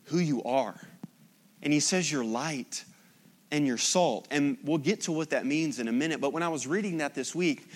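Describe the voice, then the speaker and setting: Emphatic preaching man, slightly high voice. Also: moderate pace. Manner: emphatic, rhetorical repetition. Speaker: pastor. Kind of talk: sermon.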